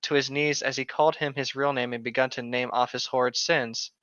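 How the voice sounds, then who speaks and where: A man's voice: medium pitch, fairly even intonation, fairly quick, fairly bright tone, dry recording, muffled recording. A man reading story posts aloud and rambling jokingly on a casual podcast. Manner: rambling, joking, laughs a lot. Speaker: co-host reading stories.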